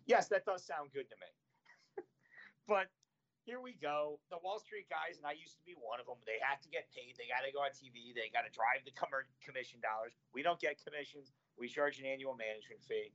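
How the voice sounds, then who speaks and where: A man who manages investments, talking about markets in an animated, exasperated way. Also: a little high, a little fast, highs cut off. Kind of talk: casual finance chat.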